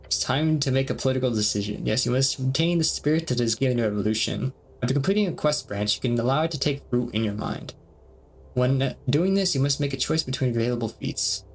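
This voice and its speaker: A man streaming a game, reading its dialogue aloud between quick reactions and frequent laughs. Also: mid-range voice, husky. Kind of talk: let's-play commentary reading game text aloud.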